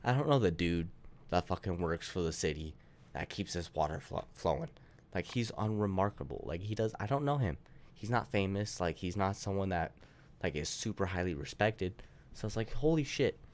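A man's voice: low-pitched, lively intonation, moderate pace. A man co-hosting a casual podcast, rambling with lots of swearing and filler words. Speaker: podcast co-host.

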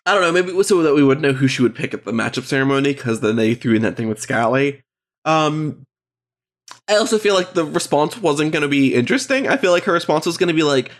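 A man co-hosting a podcast in casual chat, congested and tired, rambling and hesitant with quick laughs. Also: medium pitch. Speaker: podcast co-host.

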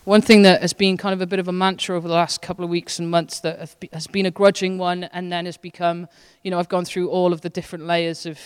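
A woman's voice: fairly low pitch, flat delivery, quick pace, few pauses, smooth. A woman associate pastor preaching a sermon in a casual, earnest, conversational way, with her intensity rising and falling as she speaks. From Wales. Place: church hall. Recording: long church hall reverb.

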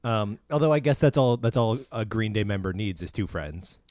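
Casting: man, animated pitch, dry close mic, deadpan teasing banter. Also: normal speed, no room sound. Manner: wry, teasing questions, lively delivery. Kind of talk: casual chat.

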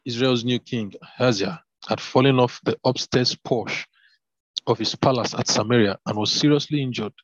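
A man reading scripture aloud, with fervent asides and halting fillers between passages. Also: mid-range voice, dry recording. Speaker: Bible reader. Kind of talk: devotional Bible reading with commentary. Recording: dull lo-fi, dry.

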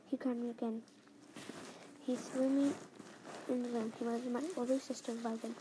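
A young female reader reading her own story aloud in the first person, halting and restarting phrases as she reads. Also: fairly high pitch, flat delivery. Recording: faint background noise.

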